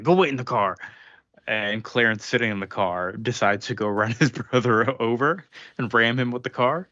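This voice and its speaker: A man's voice: fairly low pitch, pushed and bright, clean tone, no room sound. Guy rambling through a comic recap, acts out the quotes, dry muffled podcast audio. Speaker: podcast co-host. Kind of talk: casual comic book recap.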